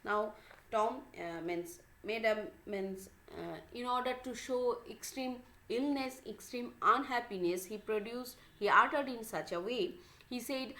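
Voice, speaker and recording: A woman teacher reads a story aloud and breaks off to explain words, in halting phrases with fillers. Her voice sits a little high and moves slowly. The recording has an echoey room sound. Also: pushed and bright. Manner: halting, many fillers and restarts.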